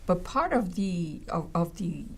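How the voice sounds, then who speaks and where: A woman's voice: fairly low pitch, a little slow, creaky, slightly rough. A woman college educator telling a story in conversation, acting out voices and often checking in with "right?" and "you know.". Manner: animated, acts out voices in her stories.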